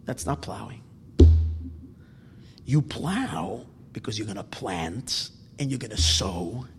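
A man preaches with great drama, rising to loud exclamations and dropping to hushed whispers, often repeating phrases. His voice sits very high and sounds bright and sharp. It rings out in a long, echoing hall. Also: husky. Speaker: religious teacher. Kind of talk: sermon-style lecture.

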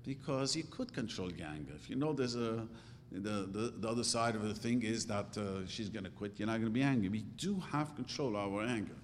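Middle-aged man, religious teacher, animated and chatty, hall reverb with faint rumble. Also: fairly quick. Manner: animated, conversational, acts out quoted thoughts. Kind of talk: Torah class lecture.

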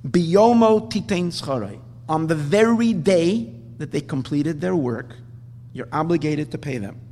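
A man teaching a religious class, telling stories in an animated way with frequent restarts. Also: on the high side, measured pace, long reverb tail, slight background noise. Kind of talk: storytelling Torah lesson.

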